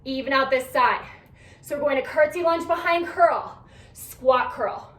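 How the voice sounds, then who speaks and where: Breathless high-voiced woman coaching a workout. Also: measured pace, a bit bright. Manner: upbeat coaching, counting down reps. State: a little out of breath. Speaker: fitness instructor. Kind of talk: workout class cueing. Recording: echoey room, mic at a distance.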